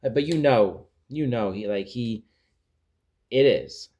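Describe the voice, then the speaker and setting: A male vlogger casually recapping a TV series, rambling and animated, often searching for words. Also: medium pitch, slow. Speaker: pop culture vlogger.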